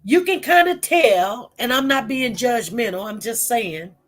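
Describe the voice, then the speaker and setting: This livestream host has a cold and coughs now and then as she chats with her viewers and chat in a casual commentary stream. Her voice is on the high side, animated and unhurried.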